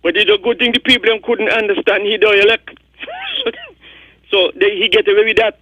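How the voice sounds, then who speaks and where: A man's voice: sits high, fairly even intonation, fairly quick, pushed and bright, slight background noise. An older man with a Kittitian accent calls into a radio show, rambling and repeating words as he comments. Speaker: radio caller. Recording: muffled phone-line audio.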